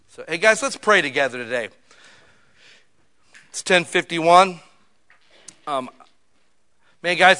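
A male pastor preaching a sermon in a church, joking and casual, swinging from quiet asides to loud bursts. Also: on the high side.

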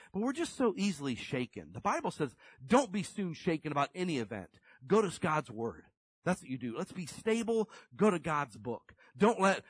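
A man preaching a conversational sermon, folksy and animated, acting out little scenes as he tells stories. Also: medium pitch, slightly rough, no echo. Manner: folksy, animated storytelling with acted-out quotes.

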